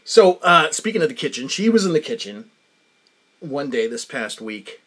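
Lively, self-amused male podcast host. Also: fairly high pitch, moderate pace. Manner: rambling, laughs often, self-amused. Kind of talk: casual comic monologue.

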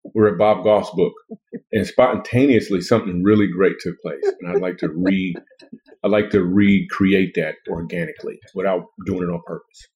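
A man's voice: sits low, steady tone, moderate pace, darkish tone. A man hosting a casual comedic chat, playful and rambling as he jokes with his co-hosts. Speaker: podcast host and author.

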